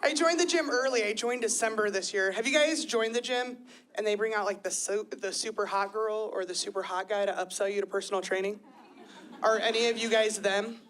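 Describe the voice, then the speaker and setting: Crowd laughter fills this live club recording of a woman in her thirties doing stand-up. She's chatty and self-deprecating, animating her bits with quoted voices, in a medium-pitched voice delivered a little fast.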